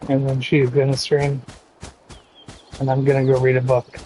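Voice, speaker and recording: A man streaming a game, chatting with his audience in a slow, laid-back way with lots of swearing. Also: medium pitch, monotone, mellow, a little hiss or hum, poor audio. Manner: slow, laid-back, profane banter with chat. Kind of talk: casual gaming stream chat.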